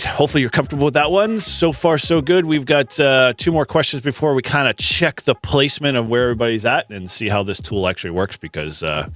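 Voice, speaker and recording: A man's voice: lowish voice, fairly bright tone. A man from Massachusetts with a Boston-area accent, hosting a casual live quiz chat and laughing often. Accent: Boston-area American. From Massachusetts, USA. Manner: laughs often, chatty with restarts. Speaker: host.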